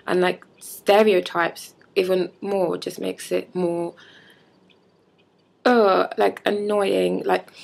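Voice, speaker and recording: Gravelly, husky young woman. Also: on the low side, level tone, takes it slowly. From London. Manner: heated, frequent "like" fillers. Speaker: vlogger. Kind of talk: casual vlog rant.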